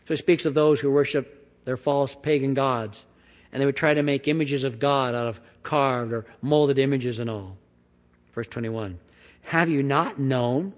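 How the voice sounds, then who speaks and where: A man preaching a sermon, reading scripture aloud with sweeping emphasis and then dropping into quiet, conversational explanation. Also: fairly even intonation, a little slow. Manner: emphatic reading with big swings of pitch and volume, dropping to quiet asides. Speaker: pastor. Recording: long hall reverb.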